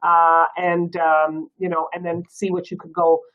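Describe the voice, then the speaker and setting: A woman with a Canadian accent giving a real estate training talk in a chatty, lively way and laughing often. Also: on the low side, unhurried. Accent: Canadian English. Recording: dull lo-fi recording.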